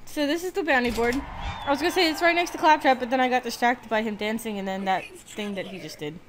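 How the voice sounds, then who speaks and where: A woman's voice: fairly high pitch, fast, a little hiss or hum. Chatty woman gamer with a slight lisp. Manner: chatty, rambling, self-deprecating. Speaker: let's play gamer. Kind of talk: casual gameplay commentary. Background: game music.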